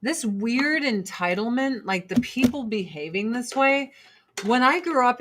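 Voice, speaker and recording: Woman, vlogger, casual rant, profane, exasperated, slow, slightly high voice. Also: lively intonation, a bit bright, a little hiss or hum. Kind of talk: casual ranting chat to camera.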